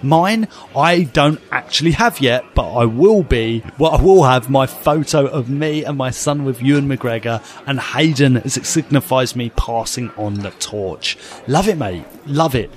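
A man's voice: mid-range voice, expressive, measured pace, hardly any pauses. A man in his thirties from England co-hosting a podcast, chatting casually with enthusiastic banter. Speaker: podcast co-host. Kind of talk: casual chat.

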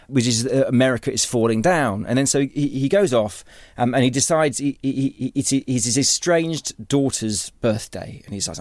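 A man's voice: mid-range voice, moderate pace, hardly any pauses, darkish tone, dry recording, clean studio sound. A man, an author and writing teacher, explaining ideas in a conversational interview, rambling with many restarts and repeated words.

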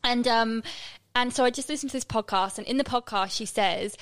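A woman, co-hosting a podcast and telling a story in an excited, chatty way. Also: a little high, fairly quick, no echo. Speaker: podcast co-host. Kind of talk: casual chat.

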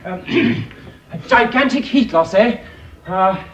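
A flustered eccentric time traveller. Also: male voice, high voice, expressive, a crowd in the background. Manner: flustered, halting, full of ums.

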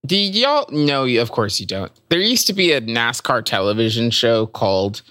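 A man's voice: medium pitch, expressive, normal speed, bright, forceful tone, no room sound. A man co-hosting a comedy podcast, rambling through a story in casual chat with many ums. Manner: rambling, hesitant, full of ums. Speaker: podcast co-host.

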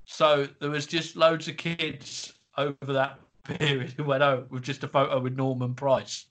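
A man's voice: mid-range voice, flat delivery, unhurried, fairly bright tone. A man co-hosting a casual comedy podcast, joking and acting out quotes as he tells anecdotes. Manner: jokey, acts out quoted voices. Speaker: podcast co-host.

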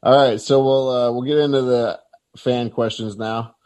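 A man's voice: medium pitch, fairly even intonation, moderate pace, a little mellow. A man hosting a podcast interview, reacting briefly and moving on to listener questions. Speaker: podcast host. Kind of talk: casual interview chat.

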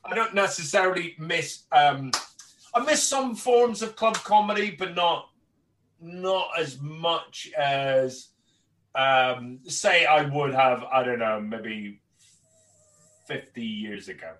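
A guest comedian with a Northern Irish accent, from Northern Ireland, chats casually on a podcast, telling rambling stories full of stammered restarts and plenty of swearing. His voice sits on the high side with a fairly bright tone, and he takes things slowly. The audio is poor and sounds recorded from a distance.

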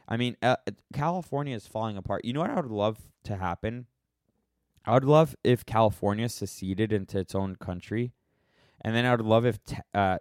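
An American man with a somewhat low voice hosts his own podcast solo, answering questions in a wry, offhand way while wandering between thoughts and often cutting himself off. The sound is close and dry, with no room around it.

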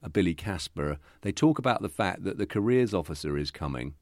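A man's voice: deep voice, lively intonation, a little fast, no room sound, clean studio sound. A British man co-hosting a podcast, chatting casually and enthusiastically, often laughing. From Britain. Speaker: podcast co-host. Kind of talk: casual chat.

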